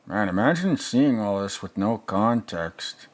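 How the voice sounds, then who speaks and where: Mr. Plinkett, a man voicing a crude, slow, deep-voiced old reviewer. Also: expressive. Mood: rambling. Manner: crude, rambling, sarcastic asides. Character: crude rambling older male movie reviewer. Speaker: movie reviewer. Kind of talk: comedic reaction commentary.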